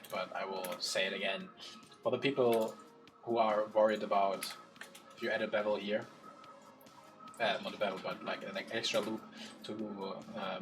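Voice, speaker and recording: A man with a German accent, co-hosting a stream and explaining modeling steps as he works. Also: fairly low pitch. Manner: explains software steps while working. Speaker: co-host reviewing 3D models. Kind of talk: casual stream commentary.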